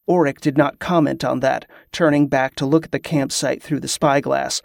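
A man's voice: mid-range voice, steady tone, normal speed, gravelly, few pauses, dry recording. Male audiobook narrator, dry and close. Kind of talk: scripted fantasy narration.

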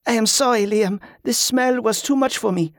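Raising his voice well above his own natural pitch, a man plays a scared, stumbling young woman in hushed tones. He talks at normal speed, and the studio recording is clean and dry.

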